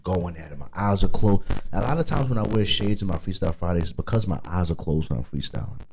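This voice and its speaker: A man's voice: low voice, animated, quick pace, vocal fry, noisy background. A man with a Detroit accent hosting a podcast, talking casually and animatedly, swearing freely and repeating "you know what I mean.". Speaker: podcast host.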